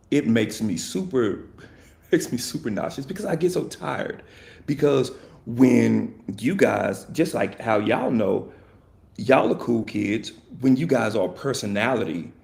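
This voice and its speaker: A man's voice: lowish voice, vocal fry, a little mellow. A man hosting a podcast, talking in a casual, rambling and jokey way, correcting himself and laughing often. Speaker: podcast host.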